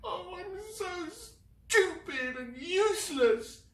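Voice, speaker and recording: A man's voice: lively intonation, slow pace, a bit bright, exaggerated voice. A man doing Sylvie, a tearful wailing young girl. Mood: terrified, tearful. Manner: high wailing cries. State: crying. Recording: roomy, mic at a distance.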